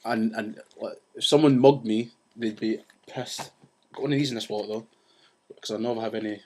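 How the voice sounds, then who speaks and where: A man's voice: on the low side, fairly even intonation, darkish tone. Rambling man ranting. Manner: rambling, with restarts and asides; says he talks fast. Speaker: vlogger. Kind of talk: casual rant to camera.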